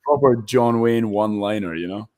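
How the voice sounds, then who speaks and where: Scottish guy, late 20s, chatty and laughing a lot, lowish voice. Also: normal speed. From Scotland. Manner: animated storyteller, laughs often. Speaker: guest actor. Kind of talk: casual interview chat.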